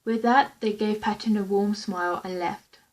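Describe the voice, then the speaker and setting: Brief: woman of medium pitch reading her own fan script, plain and unpolished, stumbling now and then. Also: fairly even intonation, moderate pace, darkish tone, poor audio. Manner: plain unpolished reading with small slips and restarts.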